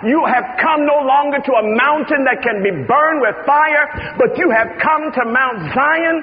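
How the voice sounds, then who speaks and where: Man, preacher, sermon, high voice, hushed-to-shouting delivery, long hall reverb, muffled recording. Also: measured pace, a little hiss or hum. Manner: dramatic storytelling, swings from hushed to shouting.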